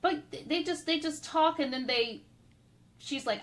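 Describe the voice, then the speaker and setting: A woman's voice: mid-range voice, normal speed, fairly bright tone. A woman co-hosting a podcast, chatting casually about a movie in a blunt, exasperated way and swearing freely. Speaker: podcast co-host. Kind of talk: casual movie recap chat.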